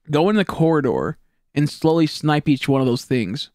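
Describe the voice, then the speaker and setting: A man's voice: on the high side, animated, brisk, darkish tone, no room sound, studio quality. Rambling, joking young man streaming. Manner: rambling, profane storyteller; jokey, goofing with chat. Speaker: game streamer. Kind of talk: casual live-stream chatter.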